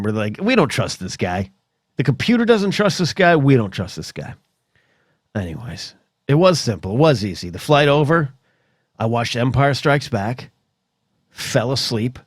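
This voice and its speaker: A man's voice: medium pitch, no room sound, studio quality. A middle-aged man hosting a solo podcast, telling stories in a rambling, chatty way full of asides. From United States. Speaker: podcast host.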